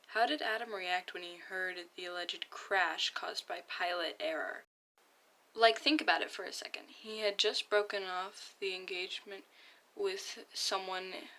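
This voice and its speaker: A woman's voice: medium pitch, pushed and bright, rough recording. A young woman chatting earnestly as she reads and comments on fan comics. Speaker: fan comic dub reader.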